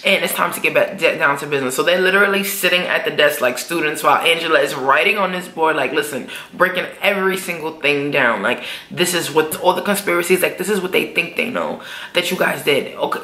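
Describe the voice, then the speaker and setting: Woman, casual TV recap vlog, slangy and profane, bright forceful voice, roomy echo. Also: on the low side, gravelly. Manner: slangy, profane, acts out characters' lines. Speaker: TV episode reviewer. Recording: echoey room.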